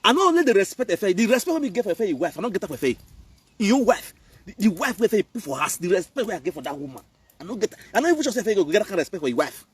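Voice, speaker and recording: High lively nigerian pidgin guy ranting on a live video, kinda husky, sounds far from the mic. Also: very fast. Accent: Nigerian Pidgin English. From Benin, Nigeria. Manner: scolding, preachy, animated. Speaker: online commentator.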